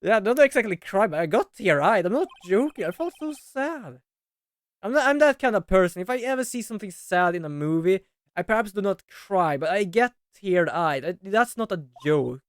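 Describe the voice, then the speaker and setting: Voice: medium pitch, moderate pace, dry recording, clean studio sound. A streamer giving casual, emotional commentary while playing a story game. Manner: animated, emotional reactions. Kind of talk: casual let's-play commentary.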